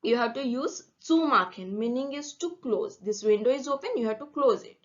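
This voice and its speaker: A woman's voice: a little high, expressive, normal speed, lo-fi sound. A woman teaching a German grammar lesson, explaining carefully and repeating example words so they can be drilled.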